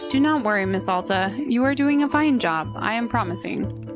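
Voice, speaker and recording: A woman voicing a gentle, kindly tea shop keeper in a video game who speaks with odd, halting grammar. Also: fairly high pitch, music in the background, lightly acted. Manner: calm and reassuring, with odd "is being" grammar.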